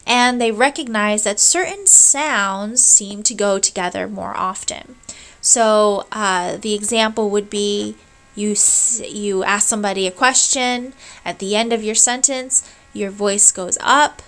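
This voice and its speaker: A woman's voice: medium pitch, unhurried, fairly bright tone, rough recording. A woman lecturing on a recorded class video, explaining step by step and checking in with her listeners as she goes. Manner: explanatory, checks in with "right?" and "okay?"; demonstrates baby sounds aloud.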